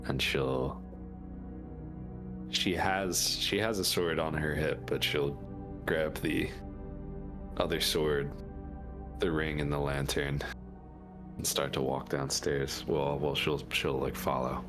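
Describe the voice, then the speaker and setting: A man with an extremely deep voice narrates a tabletop game as game master. He talks slowly, stopping and restarting as he describes the scene. Music plays softly behind him. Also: steady tone. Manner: halting, with many fillers and restarts.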